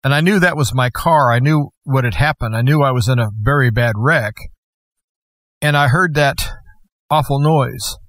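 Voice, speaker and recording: A man as guest host, slowly and earnestly telling a personal story. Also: medium pitch, a bit bright, dry recording. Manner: earnest, slow and measured storytelling. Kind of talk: personal testimony.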